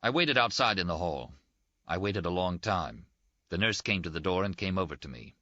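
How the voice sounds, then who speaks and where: A man narrating a novel as an audiobook in a steady, measured way. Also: low-pitched, dry recording, muffled recording. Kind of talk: scripted literary narration.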